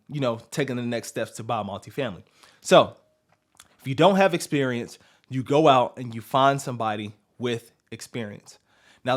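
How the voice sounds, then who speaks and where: Male podcast host, mid-range voice, direct coaching delivery built on rhetorical questions. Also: mid-range voice. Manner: punchy, asks rhetorical questions and answers them.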